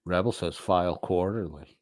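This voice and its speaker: A man's voice: sits low, normal speed, darkish tone, no echo. A man hosting a livestream, reading viewer comments aloud and answering them in a crude, mocking, profane way. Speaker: livestream host.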